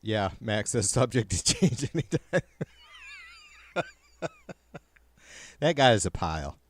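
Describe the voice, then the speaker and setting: A man's voice: fairly low pitch, very animated, takes it slowly. A man hosting a livestream in casual chat, swearing constantly and ranting heatedly to his viewers. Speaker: livestream host.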